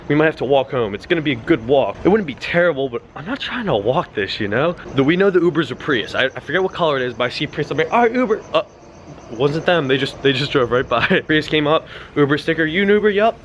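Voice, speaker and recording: A young man vlogging outdoors into a handheld camera, telling a story excitedly, swearing often and acting out quotes in a high yelling voice. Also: a little hiss or hum. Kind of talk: casual storytelling vlog.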